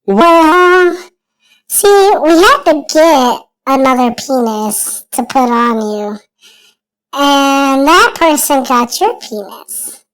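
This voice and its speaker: A man putting on a squeaky falsetto voice for a character in a joke he is telling. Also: lively intonation, slow pace, fairly bright tone, full character voice, rough recording. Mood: apologetic.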